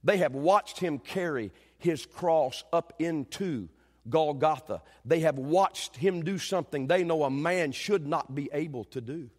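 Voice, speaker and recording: High-pitched preacher in a reverberant hall. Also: male voice, measured pace. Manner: dramatic storytelling preacher, shouting acted quotes then dropping low and quiet. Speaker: pastor. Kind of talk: sermon. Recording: long reverb of a church hall.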